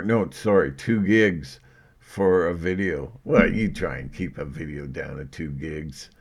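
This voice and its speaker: Slow, low-voiced joking vlogger man. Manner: joking, self-mocking, laughs often. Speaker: video blogger. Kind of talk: rambling casual monologue.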